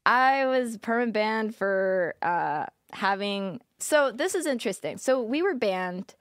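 A woman's voice: fairly high pitch, expressive, slow pace, dry recording, clean studio sound. Candid young woman, filler-heavy chat. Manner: casual, filler-heavy with frequent "like", laughs often. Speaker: podcast guest, former streamer.

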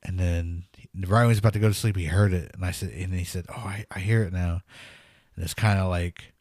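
A man's voice: deep voice, quick pace, no room sound, studio quality. A man co-hosting a podcast, recounting an eerie memory with nervous laughs and quoted dialogue. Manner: animated storyteller, laughs nervously, acts out quotes. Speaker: podcast co-host. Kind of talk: casual storytelling chat.

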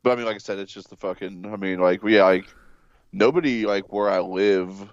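Congested podcast co-host, low voice, loose and profane, dull dry recording. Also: male voice, a little fast, dry recording. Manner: laid-back, swears a lot. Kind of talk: casual chat.

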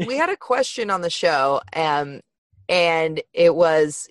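A woman's voice: deep voice, very animated, slow pace, dry recording. Podcast host, woman, gossipy storyteller, dry close mic. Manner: chatty, gossipy storyteller, laughs often. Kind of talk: casual chat.

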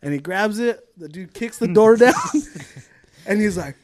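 This young male podcast co-host has a very high voice and talks at a normal speed. He swears constantly while telling a story in casual conversation, animatedly acting out people's words in a raised voice.

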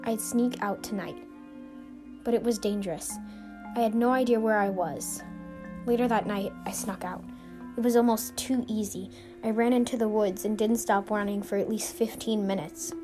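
A woman's voice: medium pitch, steady tone, normal speed. A woman hosting a show, narrating a scripted suspense story in an earnest, suspenseful way. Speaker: storyteller and podcast host. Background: music.

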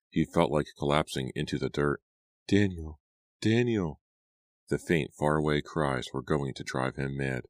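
Very deep-voiced male audiobook narrator. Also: no room sound, studio quality.

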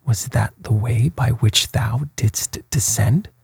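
A man's voice: lowish voice, no echo, full character voice. A man reading a wrathful tyrant prince. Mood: angry. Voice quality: hushed, breathy. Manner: slow, even storybook delivery.

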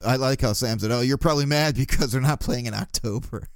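A man's voice: mid-range voice, a little fast, no room sound, clean studio sound. A man hosting his own podcast, ranting casually and sarcastically, often laughing. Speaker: podcast host. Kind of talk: casual solo podcast rant.

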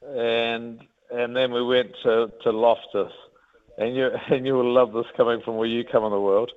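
A man in his fifties from New Zealand with a New Zealand accent, telling rugby stories as an interview guest in a rambling, animated way. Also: mid-range voice, normal speed. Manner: rambling, animated, many restarts. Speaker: guest, former rugby captain. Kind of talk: casual interview storytelling. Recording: tinny phone-like line.

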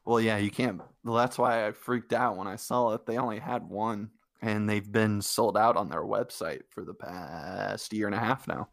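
A man's voice: fairly low pitch, fairly even intonation, normal speed, vocal fry, hardly any pauses. A young man co-hosting a casual podcast, a new father, talking in an easygoing way and laughing often. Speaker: podcast co-host.

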